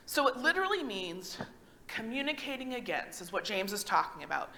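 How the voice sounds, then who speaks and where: Lively, bright-voiced woman pastor preaching. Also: a little high. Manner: conversational, animated, asks the congregation questions. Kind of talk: sermon. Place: church sanctuary.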